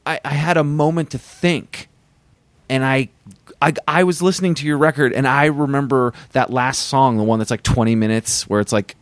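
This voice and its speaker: A man's voice: mid-range voice, fairly even intonation, dry recording. A man hosting a podcast, musing in a casual interview and often restarting his sentences. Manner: rambling, halting, restarts thoughts. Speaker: podcast host.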